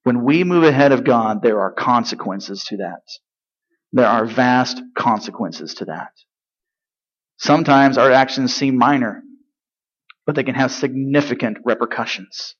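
A man's voice: medium pitch, moderate pace, muffled recording. A man preaching a sermon in a conversational way, with rhetorical questions and dry sarcasm. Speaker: pastor.

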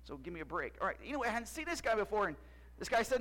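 A man's voice: high-pitched, very animated, racing, fairly bright tone, rough recording. A man performing a playful first-person Bible story monologue, joking and quizzing the audience. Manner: playful, jokey, asks audience questions. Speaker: costumed storyteller in church skit.

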